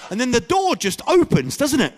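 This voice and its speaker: A man doing a stand-up comedy routine on stage, telling stories and bursting into loud shouted impressions of the people in them. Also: very high voice, moderate pace. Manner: animated storyteller, mimics people with loud shouted voices. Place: comedy stage before a live audience.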